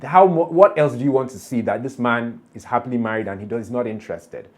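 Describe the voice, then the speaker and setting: A man, talking through a show episode in a casual, animated way and often breaking into laughter. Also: medium pitch, fast. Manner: chatty, animated, laughs often while recapping. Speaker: TV show reaction vlogger. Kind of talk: casual episode recap and commentary.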